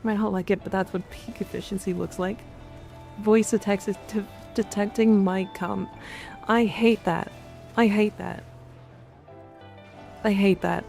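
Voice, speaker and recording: A woman streamer chatting casually while gaming, crude and excitable, swearing freely. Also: mid-range voice, measured pace, gravelly, pauses often, faint music behind.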